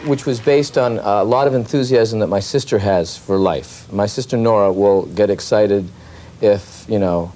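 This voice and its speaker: A man's voice: on the low side, normal speed, faint music behind. Man telling comedy stories. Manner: lively storytelling, slips into voices. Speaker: comedian guest. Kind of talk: interview anecdotes.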